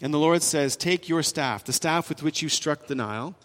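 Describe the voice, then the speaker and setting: A man's voice: fairly high pitch, normal speed, a bit bright. Man preaching in a reverberant hall. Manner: emphatic preaching with rising and falling emphasis. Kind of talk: sermon. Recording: long reverb in a large hall.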